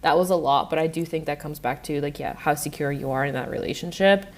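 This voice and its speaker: A woman from Eastern Europe co-hosting a podcast, chatty and quick to laugh, with lots of fillers. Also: deep voice, a little mellow. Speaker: podcast co-host. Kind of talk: casual podcast chat.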